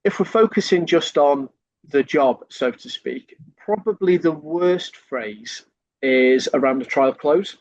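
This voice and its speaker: A man's voice: a little high, animated, slow pace, dry recording, dull audio. A man, a sales trainer, explaining in a podcast conversation and acting out lines a customer might hear.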